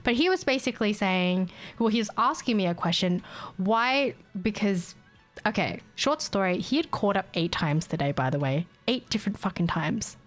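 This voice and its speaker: A young woman streamer vents in an easy, casual chat, blunt and full of swearing. She drops into quick impressions of the people in her story. Her voice sits at a middle pitch with soft music under it. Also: animated. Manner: mimics callers and herself in quoted bits.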